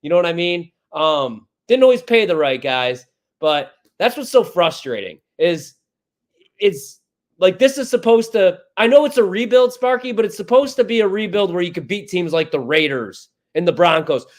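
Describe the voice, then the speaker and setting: A man's voice: high-pitched, lively intonation, normal speed. A man co-hosting sports talk radio, ranting in a fired-up, exasperated way. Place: radio studio.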